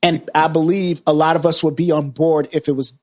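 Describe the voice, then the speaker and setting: A man's voice: fairly high pitch, level tone, brisk, a little mellow. A man co-hosting a podcast in casual chat, repeating his points insistently and steering the topics. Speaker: podcast co-host.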